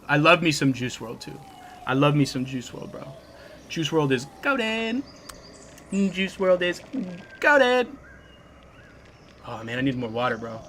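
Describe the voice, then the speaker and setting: A man live-streaming and chatting casually with viewers, excitable and profane, thanking new followers by name. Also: a little high, slight background noise.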